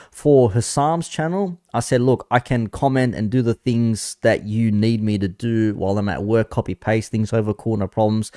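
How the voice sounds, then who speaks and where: A man's voice: fairly low pitch, mellow, dry recording, clean studio sound. A man talking casually on a live stream, rambling about online chat moderation and swearing freely. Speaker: commentary streamer.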